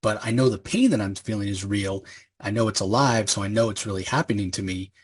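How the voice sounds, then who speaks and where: A man voicing a fed-up, exasperated male hellspawn antihero in a comic recap, demanding answers, his voice husky and lowish. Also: fairly quick. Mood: frustrated.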